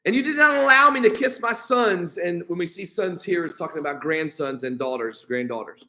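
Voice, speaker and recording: An American pastor with a bright, high-pitched voice leads a midweek Bible study. He reads passages aloud, then slips into loose modern paraphrase to explain them. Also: lively intonation, brisk, poor audio. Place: church.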